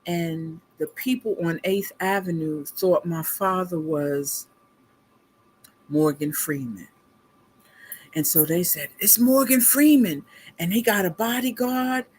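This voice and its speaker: A middle-aged woman hosting a casual livestream, telling a family story in a chatty, animated way, laughing along and calling her viewers y'all. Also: fairly low pitch, a little slow, husky. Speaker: beauty consultant livestream host.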